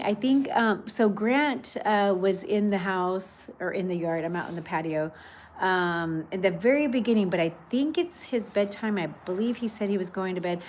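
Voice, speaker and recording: A woman's voice: mid-range voice, moderate pace. A woman hosting a casual livestream from her patio, chatting and reading viewer comments aloud. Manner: chatty, warm greetings, many fillers. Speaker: livestream host. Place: outdoor patio at home.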